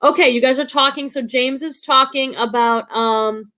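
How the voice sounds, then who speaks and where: A woman's voice: high-pitched, steady tone, normal speed, sharp tone. A middle-aged woman hosting a live stream, chatting casually, laughing often and talking through lots of fillers. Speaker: livestream host of a reselling channel. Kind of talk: casual live-stream chat reading comments.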